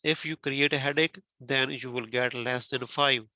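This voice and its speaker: A man's voice: medium pitch, fairly even intonation, normal speed, sharp tone, no echo. A man whose first language is not English, teaching exam criteria carefully to a student, repeating points and asking questions. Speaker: test prep teacher.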